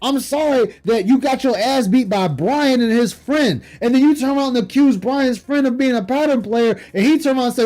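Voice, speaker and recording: A man with a strikingly high-pitched voice delivers a profane, scornful tirade during a late-night stream. He speaks into a desk mic at home and breaks into bursts of shouting. Faint music plays behind him. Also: brisk, hardly any pauses.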